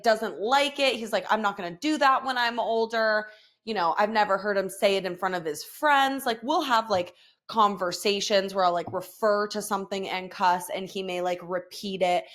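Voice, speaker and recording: A woman's voice: medium pitch, fairly bright tone. Frank, swearing woman podcast host. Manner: frank, profane, laughs often. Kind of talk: casual confessional chat.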